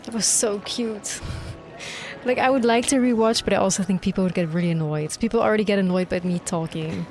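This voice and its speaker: Excitable young woman streamer. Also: medium pitch, fairly quick. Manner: excitable, gushing, swears freely. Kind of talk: live gameplay reaction commentary. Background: faint game music.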